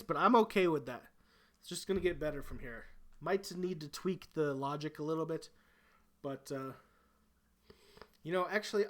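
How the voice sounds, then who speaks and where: A man hosting and giving excitable play-by-play commentary over a wrestling video game, shouting on big moves and relaxing into laid-back asides. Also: a little high.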